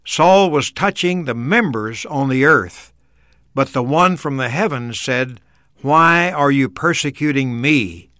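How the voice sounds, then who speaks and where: Crisp, bright man explaining scripture. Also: medium pitch, takes it slowly, dry recording, clean studio sound. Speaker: radio program co-host, Bible teacher. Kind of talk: explanatory teaching talk.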